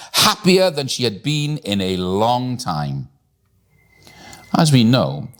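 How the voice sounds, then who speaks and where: Deep-voiced man reading a bedtime story. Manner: expressive, slow and deliberate storytelling.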